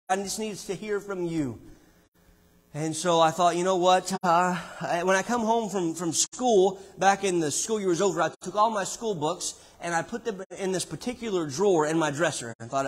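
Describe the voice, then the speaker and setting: A man with a high voice preaches in a church, telling a personal story. He drops almost to a whisper on key words and then climbs into loud, ringing passages. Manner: dramatic swings from hushed to loud preaching. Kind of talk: sermon. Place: church sanctuary.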